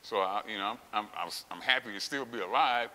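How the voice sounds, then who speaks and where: In a candid interview, a former champion weightlifter in middle age recounts his story in a gym, profane and emphatic, bursting out loudly as he acts out what people said. His voice is lowish and a little fast, recorded with long reverb and a faint hiss.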